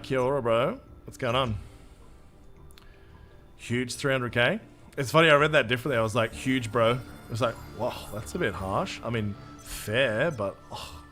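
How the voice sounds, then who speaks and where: A man's voice: medium pitch, a bit bright. Joking Australian man streaming a game. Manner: casual, jokey, self-mocking, swears freely. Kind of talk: live gameplay commentary, reading chat.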